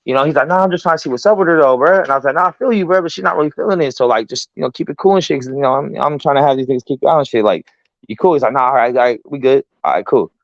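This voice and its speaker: A man hosting a casual talk show, telling a story in an animated, profane way and acting out the voices of the people in it. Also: mid-range voice, rapid-fire, creaky, no room sound, lo-fi sound. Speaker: podcast host.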